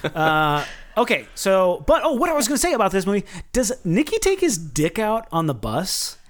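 Podcast host, chatty and rambling, very lively pitch movement. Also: moderate pace. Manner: chatty, rambling asides, expressive. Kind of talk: casual film discussion.

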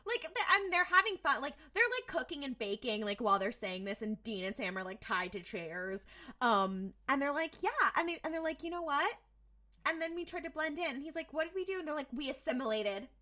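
A woman's voice: sits high, fairly quick. A woman co-hosting a podcast, recapping a TV episode in casual chat, swearing freely and acting out lines. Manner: animated, swears freely, acts out quoted lines. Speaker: podcast co-host.

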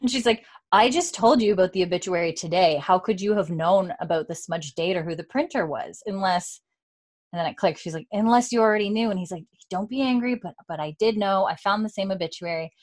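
A young woman hosting a podcast casually recaps a TV episode, acting out the characters' lines and laughing often in an animated way. Her mid-range voice runs a little fast, recorded in studio quality with no room sound.

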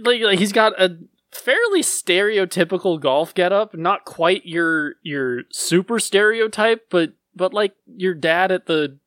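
A podcast co-host adding joking asides with halting fillers in casual chat. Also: medium pitch, expressive, fairly bright tone, no room sound, studio quality.

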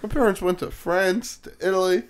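A man's voice: high voice, steady tone, brisk, clean tone. A man hosting a casual podcast chat, swearing freely and laughing often. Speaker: podcast host.

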